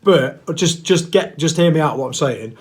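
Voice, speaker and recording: Addressing the camera casually, this middle-aged vlogger rambles and speaks bluntly, often poking fun at himself and doing playful silly voices. His voice sits on the high side, with lively intonation at a moderate pace.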